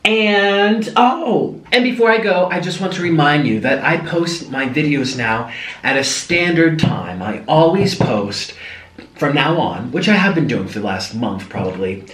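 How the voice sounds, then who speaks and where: A man's voice: on the high side, expressive, measured pace, fairly bright tone, echoey room, distant mic, slight background noise. A young man from the United States, chatting casually and rambling animatedly while eating on camera. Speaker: vlogger. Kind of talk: casual mukbang chat.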